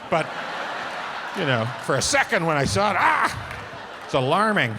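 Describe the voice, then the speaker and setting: A middle-aged man performing a stand-up comedy set on stage, telling animated stories and acting out the voices he quotes. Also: fairly high pitch, brisk, over a noisy crowd, heavy background noise. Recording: reverberant club with audience laughter.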